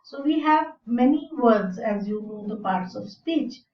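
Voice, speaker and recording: A woman teaching English in a slow, deliberate lecture, explaining with fillers. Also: a little high, expressive, slight background noise. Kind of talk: recorded lecture. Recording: roomy and distant, dull sound.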